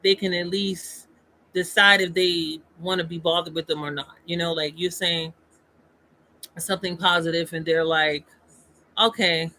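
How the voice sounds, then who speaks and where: A man's voice: a little high, little pitch movement, moderate pace, sharp tone, low-quality recording. A man talking casually on a livestream, emphatic and rambling, with frequent restarts. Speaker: streamer.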